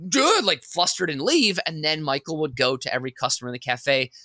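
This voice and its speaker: A man co-hosting a comedy podcast, telling a long workplace story in an animated, rambling way and laughing as he goes. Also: a little high, fast talker, no echo. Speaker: podcast co-host.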